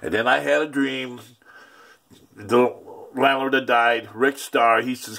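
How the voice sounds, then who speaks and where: A man's voice: mid-range voice, fairly even intonation, moderate pace, creaky, sharp tone. A man vlogging an angry rant, agitated, profane and repetitive.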